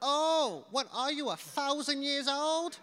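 A squealing, flustered young woman, as a preacher puts her on, high and shrill. She blurts things out and then scrambles to apologize. Long reverb from a big hall rings behind her. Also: lively intonation, slow, a bit bright, heavily acted. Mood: blurting.

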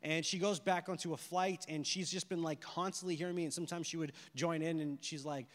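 A man preaching a sermon with animated storytelling and rhetorical questions. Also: on the high side, a little fast, big-room sound. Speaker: pastor.

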